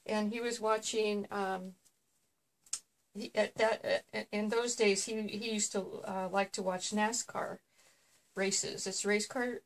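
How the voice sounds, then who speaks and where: A woman's voice: mid-range voice, steady tone, slow. A woman hosting a casual vlog, rambling through a story with many ums and restarts. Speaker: vlog host. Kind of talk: casual chat.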